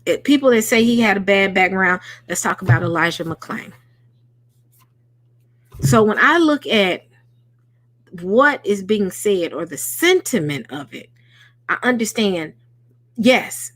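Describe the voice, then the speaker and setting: A woman's voice: mid-range voice, lively intonation, unhurried, long pauses, no room sound. A woman hosting a late-night livestream, talking earnestly and conversationally to her chat. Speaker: host.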